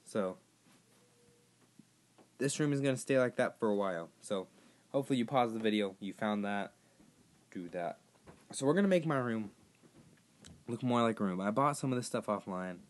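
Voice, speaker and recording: Man, hoarse, fairly low voice, casual gameplay chat, rambling, talks to viewers. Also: animated, moderate pace, long pauses. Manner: rambling, chatty, addressing viewers directly. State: hoarse, voice partly lost. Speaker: gaming YouTuber.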